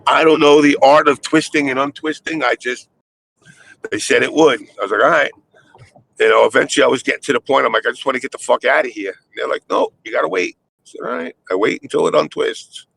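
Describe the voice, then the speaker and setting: Older man, casual chat, profane rambling storyteller, gravelly fry. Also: medium pitch, fast, fairly bright tone, rough recording.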